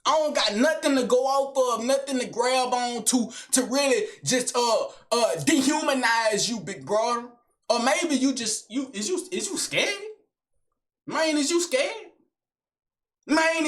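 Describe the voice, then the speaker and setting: A young man doing a high-energy comedic rant to camera, slangy and swaggering, swinging between shouting and low mutters. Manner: slangy, keeps tagging lines with son and big brother. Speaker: comedic vlogger.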